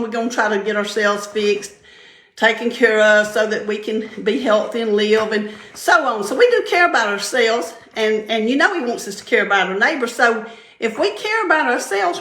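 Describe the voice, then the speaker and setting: An older woman with a somewhat high, slightly bright voice gives a casual devotional talk, chatting, telling stories and laughing often. She's a vlogger sharing faith-based encouragement, and the room gives her voice an echo.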